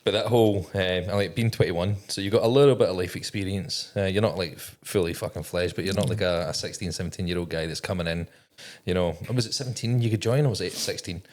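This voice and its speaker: A man in his thirties with a Scottish accent softened by years in Australia, chatting casually as a podcast guest, swearing freely and laughing often. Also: low-pitched, fast talker, hardly any pauses. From Scotland. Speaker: podcast guest, navy veteran. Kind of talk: casual chat.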